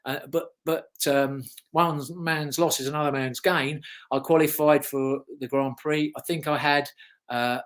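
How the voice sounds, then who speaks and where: A man's voice: a little high, steady tone, unhurried, fairly bright tone. A British man in his fifties, a former motocross racer, giving a casual interview full of rambling anecdotes. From Britain.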